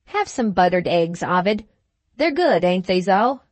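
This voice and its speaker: A woman's voice: fairly low pitch, lively intonation, a little slow, a little mellow, no echo. A woman voicing a jovial, good-natured stepfather who chats in a cheerful, homely way in a storybook reading.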